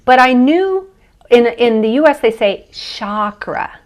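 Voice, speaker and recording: A woman's voice: high-pitched, animated, normal speed. A woman with an American accent, a podcast guest who teaches chakras, talking casually and laughing often as she thinks aloud. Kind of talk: casual interview conversation.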